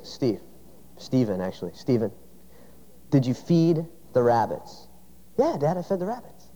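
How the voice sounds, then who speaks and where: A man's voice: a little high, dark tone. A man preaching a sermon, telling a personal story in a conversational way with rhetorical questions. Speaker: pastor. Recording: dull sound with long hall reverb.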